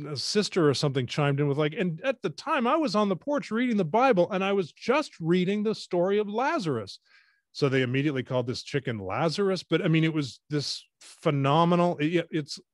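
A man's voice: medium pitch, no room sound, clean studio sound. A man, a radio co-host who is a guest here, rambling and correcting himself as he tells stories over a video call. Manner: rambling, self-correcting storyteller. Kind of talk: casual talk in a webinar.

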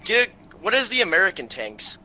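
High, sharp-voiced joking gamer guy. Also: sing-song, a little fast, a little hiss or hum, poor audio. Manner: loud joking exclamations. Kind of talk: casual gaming banter.

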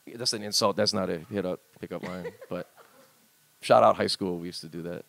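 A man from Hawaii, co-hosting a podcast in joking, animated banter. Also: low-pitched, fairly quick, vocal fry, no room sound. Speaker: podcast co-host. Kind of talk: casual comedic chat. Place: live studio room with audience.

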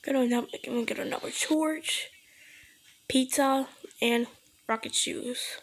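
A woman's voice: sits high, a little slow. A woman commenting as she plays a horror game, jumpy and gasping, often whispering under her breath. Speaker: gamer playing a horror game. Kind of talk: let's play commentary.

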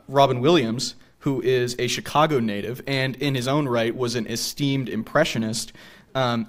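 A man's voice: mid-range voice, a bit bright. A young man giving a conversational local history lecture in a small theater, with frequent ums and asides of "right?". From New England. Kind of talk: public lecture with slides.

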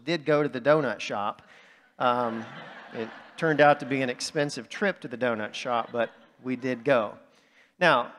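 A middle-aged man, a pastor telling a story in a relaxed, self-mocking sermon with sarcastic asides. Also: mid-range voice. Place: church sanctuary. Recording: reverberant sanctuary.

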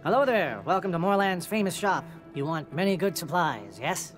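A man's voice: sits high, lively intonation, moderate pace, faint music behind. An actor voicing a fussy male alien shopkeeper in a video game, speaking in stiff formal phrases and addressing people as "human".

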